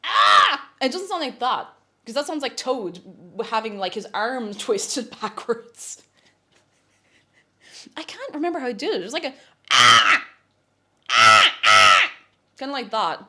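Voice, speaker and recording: A woman's voice: a little high, a bit bright. A woman chatting casually and giggling while cooking at home on a live stream. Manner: chatty and giggly, breaks into silly noises.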